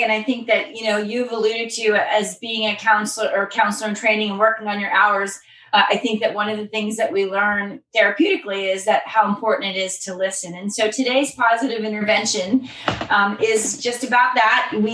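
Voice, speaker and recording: Woman co-host, measured earnest reading, fairly high voice, roomy echo. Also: fairly bright tone. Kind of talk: reading a daily recovery passage. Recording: echoey, distant mic.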